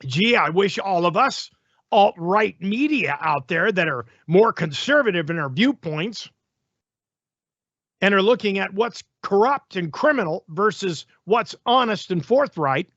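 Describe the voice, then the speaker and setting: A man's voice: sits high, expressive, a little slow, fairly bright tone, no room sound, dull audio. A male talk show host giving opinionated, sarcastic news commentary in a ranting manner.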